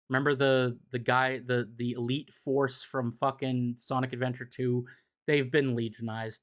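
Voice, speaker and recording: A man's voice: mid-range voice, fairly bright tone. A young man casually recapping comic issues on a livestream, rambling with fillers and the odd swear. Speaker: streamer explaining comics.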